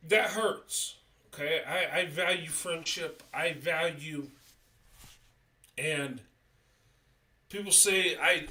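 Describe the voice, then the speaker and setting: Middle-aged man, slightly high voice, slow, sincere live-stream host. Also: sharp tone, distant mic. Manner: earnest, repeats "okay?" often, halting restarts. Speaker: YouTube channel host. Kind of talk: livestream monologue.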